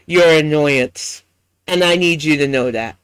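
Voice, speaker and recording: A man's voice: fairly high pitch, normal speed, a bit bright, clean tone, no room sound. A man with a New York accent hosting a reaction commentary, blunt, profane and mocking. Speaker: commentary host.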